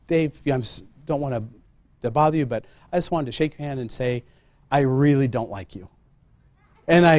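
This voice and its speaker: A man, a tailor, tells a lively personal story to a room, acting out the dialogue and poking fun at himself. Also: mid-range voice, dry recording. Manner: animated anecdotal, acts out quoted dialogue, self-deprecating. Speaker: custom tailor and guest speaker. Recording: muffled dull sound.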